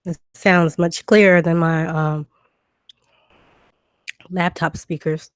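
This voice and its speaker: A woman's voice: on the low side, level tone, slow, smooth, no room sound, clean studio sound. Chatty woman answering viewers on a livestream. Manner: reads out viewer questions and answers them, with many ums and restarts. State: has a cough drop in her mouth. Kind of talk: casual livestream chat. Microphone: new desk microphone.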